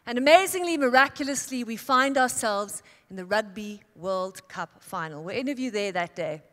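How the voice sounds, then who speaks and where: A woman born in Italy giving a keynote speech as a dramatic storyteller, building her tale with emphatic pauses and swells. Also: on the high side, lively intonation, fairly bright tone. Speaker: keynote speaker. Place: large conference hall. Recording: long hall reverb.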